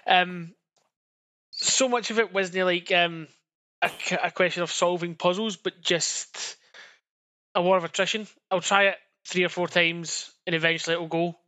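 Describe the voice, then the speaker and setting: A young man with a high, bright voice talks in loose, rambling fashion. He swears freely and breaks into laughter often, co-hosting a casual chat show. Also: steady tone, normal speed. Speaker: podcast co-host.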